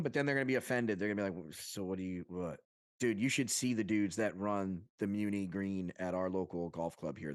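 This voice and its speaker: Male podcast co-host from Long Island, New York. Excitable rambler with casual swearing, lower voice. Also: no room sound, clean studio sound. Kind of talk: casual chat.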